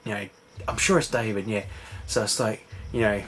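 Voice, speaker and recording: A man's voice: on the low side, fairly even intonation, moderate pace, fairly bright tone, slight background noise. A man rambling through a casual recap, full of fillers and swearing. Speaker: vlogger. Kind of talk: casual late-night recap chat.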